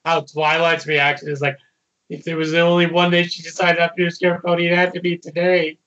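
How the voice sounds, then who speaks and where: Bright-voiced man recapping casually. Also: fairly high pitch, completely flat delivery, a little fast, lo-fi sound. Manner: casual, loose retelling with quoted lines. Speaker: podcast co-host. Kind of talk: casual episode recap chat.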